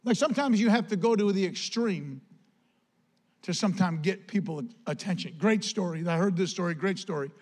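A male pastor with a high-pitched voice delivers a sermon. He swings between loud, climbing pleas and relaxed, joking asides to the congregation. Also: normal speed. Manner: impassioned, rising to near-shouts when quoting Paul; conversational asides and jokes.

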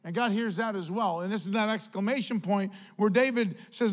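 A man preaching a sermon as pastor, emphatic and repetitive, swinging between loud declarations and hushed, earnest passages. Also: high voice, fairly quick, few pauses. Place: church.

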